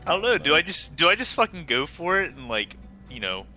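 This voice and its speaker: A man's voice: fairly high pitch, big pitch swings, fairly quick, bright, forceful tone, faint music behind. A man playing a tabletop game, talking hesitantly and restarting his sentences. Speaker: player. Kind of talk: casual game-table banter.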